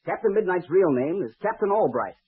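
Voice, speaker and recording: A man's voice: high-pitched, very animated, fairly quick, slightly rough, full character voice. An actor playing an earnest young male pilot, eager and insistent, in 1940s radio acting from a tinny, muffled old recording.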